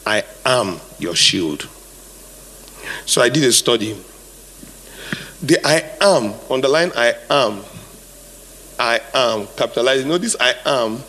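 With a mid-range, slightly bright voice, a male pastor gives a forceful sermon live in a hall. He repeats phrases and prompts the congregation to supply the missing words.

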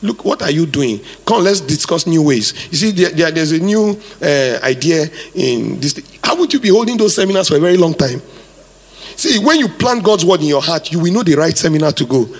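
A man's voice: a little high, lively intonation, a little fast. A male pastor preaching a sermon, emphatic and repetitive, drawing answers from the congregation, recorded live in a hall. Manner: emphatic, repeats phrases, asks the congregation to fill in words.

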